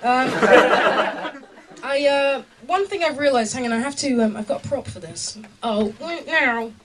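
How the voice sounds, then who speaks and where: A woman's voice: sits high, moderate pace. A woman in her thirties performing stand-up comedy on a small club stage, chatty and self-mocking, with lots of ums. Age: 30s. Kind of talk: live stand-up comedy set. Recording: noisy live club with loud crowd.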